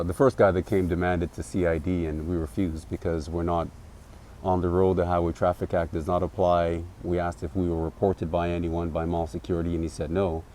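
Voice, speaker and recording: A man in his forties recalling an experience in an interview, in a measured, reflective way with occasional fillers. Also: low-pitched, a little mellow, a little hiss or hum. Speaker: academic interviewee. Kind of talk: interview recollection.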